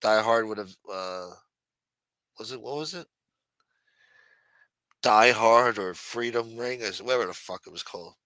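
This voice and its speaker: A man's voice: on the low side, measured pace, long pauses, bright, forceful tone, clean tone, no room sound, low-quality recording. A man hosting a late-night live stream in a loose, profane, teasing way, reading and answering viewer chat. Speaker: live show host.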